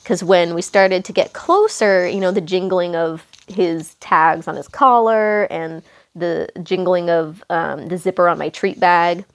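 A young woman hosting a podcast, telling a casual story in a rambling way, correcting herself often and filling pauses with um and you know. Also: on the low side, fairly even intonation. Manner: rambling, self-correcting, lots of fillers and asides. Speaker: podcast host.

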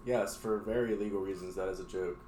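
A man's voice: low voice, fairly even intonation, brisk, warm tone, slight background noise. A young man co-hosting a podcast, telling stories casually and swearing freely. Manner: crude, storytelling, swears freely. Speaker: podcast co-host. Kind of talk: casual chat. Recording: echoey room.

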